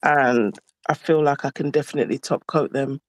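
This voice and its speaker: A woman hosting a casual nail chat, relaxed and frank, swearing offhandedly while she works. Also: very deep voice, normal speed. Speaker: nail artist host.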